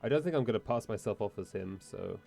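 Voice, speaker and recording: A man streaming a video game, excitable and jokey, reading the game text aloud and commenting. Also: lowish voice, fast talker, gravelly, faint music behind. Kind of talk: casual let's-play commentary.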